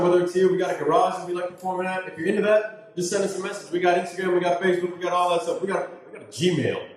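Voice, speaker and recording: Male emcee, high voice, rambling casual patter, long reverb in a boomy hall. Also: a little mellow, a little hiss or hum. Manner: loose, rambling, swears casually. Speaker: comedy show host. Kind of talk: casual show hosting. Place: brewery comedy show.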